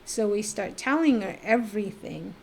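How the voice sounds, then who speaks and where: A middle-aged woman from the Navajo Nation, telling her life story as a podcast guest in a lively, animated way. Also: medium pitch, normal speed, creaky, slight background noise. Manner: animated storyteller who acts out remembered voices. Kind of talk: personal storytelling in a casual interview.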